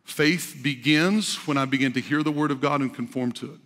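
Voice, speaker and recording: A man pastor preaching a sermon with rising fervor, often shouting at the peaks. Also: medium pitch, moderate pace, big-room sound.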